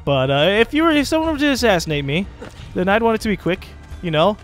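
A man's voice: high-pitched, sing-song, quick pace, soft background music. A man giving casual commentary as he plays a video game, rambling, joking and swearing often. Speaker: let's play host.

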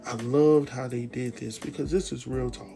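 Gravelly man recapping a TV episode. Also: medium pitch, moderate pace, soft background music. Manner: animated, slangy, talks to viewers directly. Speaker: TV recap host. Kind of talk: casual spoken recap.

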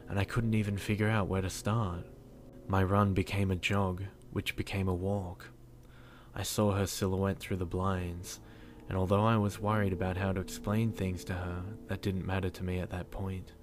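A man narrating a first-person horror story in an earnest, measured way. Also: low voice, noisy background.

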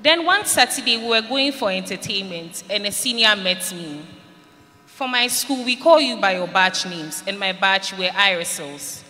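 In a reverberant school hall with faint noise, a woman from Ghana earnestly recounts her own experiences to students, performing the words of others as she goes. She has a medium pitch, a sharp tone and a moderate pace.

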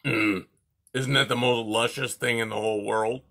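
A man's voice: mid-range voice, steady tone, normal speed, vocal fry, bright, forceful tone. Man doing a grumpy porcupine. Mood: grumbling. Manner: grunting, peevish, starts with a hum. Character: grumpy greedy male porcupine.

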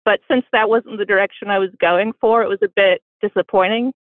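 A woman's voice: medium pitch, fairly even intonation, a little fast, no echo. A woman from Indiana with a Southern American accent, calling in to a podcast, talking in a dry, self-deprecating way. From Bloomington, Indiana. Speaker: caller. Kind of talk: phone-in call. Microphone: phone. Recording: tinny phone line.

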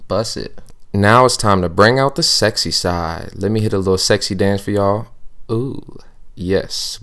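This is a sassy young woman vlogger hyping up her outfits with boastful, teasing swagger, as a man puts her on in a comedic voiceover. The voice sits low, yet every line is pushed up with extra pep. The words ring smooth and clear.

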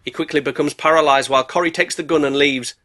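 A man's voice: steady tone, fast, a bit bright. A British man narrating a sarcastic, jokey movie recap as a reviewer. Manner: cheeky, sarcastic, bursts into squeaky put-on voices.

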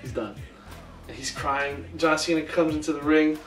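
A man co-hosting a casual podcast, retelling events with animated acted-out quotes. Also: a little high, moderate pace, roomy sound, recorded from a distance, faint music behind. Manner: animated storyteller, acts out quotes. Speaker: podcast co-host. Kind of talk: casual recap chat.

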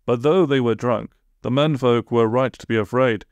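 A man narrating a comic storybook in a deadpan way, with dry asides. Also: mid-range voice, moderate pace, clean tone, dry recording, muffled recording. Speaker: audiobook narrator.

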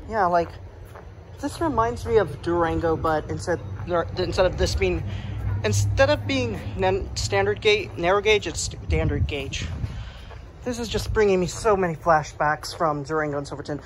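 A young woman vlogging in an indoor museum on a handheld phone, rambling and enthusiastic with many fillers, now and then dropping to a hush. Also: on the low side, expressive, moderate pace, noisy background. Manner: drops to a hush at times. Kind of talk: excited vlog commentary.

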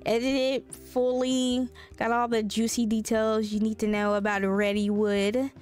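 A woman's voice: medium pitch, completely flat delivery, normal speed, clear, resonant tone, faint music behind. A young woman hosting a life sim let's play, chatting casually and swearing while she narrates. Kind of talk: casual game commentary.

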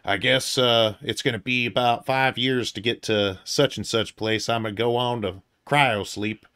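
A man voicing a spaceship crewman with a deep Southern US drawl who is settling into cryo sleep. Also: steady tone, pushed and bright, no echo, clean studio sound, natural voice. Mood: laid-back. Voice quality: slow easygoing drawl.

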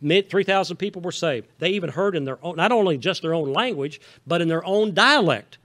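A man's voice: fairly high pitch, expressive, a little fast, a bit bright. A male pastor from Southeast Missouri with a Southern Missouri accent, preaching a folksy, conversational sermon and often checking in with the congregation. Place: church sanctuary.

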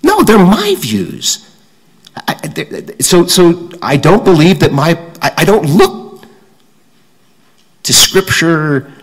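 An older man from suburban Washington, giving a fireside talk as guest speaker, halting and restarting often, with self-deprecating humor. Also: on the high side, husky, in a large hall, rough recording. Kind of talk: fireside talk with audience questions.

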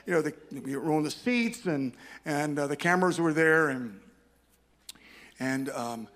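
A man's voice: a little high, lively intonation, a little slow, a bit bright. An older man speaking at a conference, telling a personal story as a sermon, rambling and self-deprecating with many restarts.

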